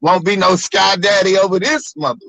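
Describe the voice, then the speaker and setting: A man imitating an angry middle-aged father yelling visitors off his doorstep, profane and outraged. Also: high voice, expressive, fairly quick, creaky, no echo, pitched above the performer's own voice, full character voice, low-quality recording.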